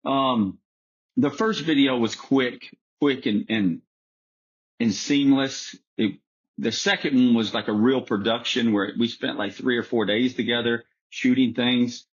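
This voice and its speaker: Husky-voiced man on a muffled recording. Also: mid-range voice, measured pace. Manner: rambling, with frequent restarts and fillers. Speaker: guest golfer. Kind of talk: casual storytelling chat.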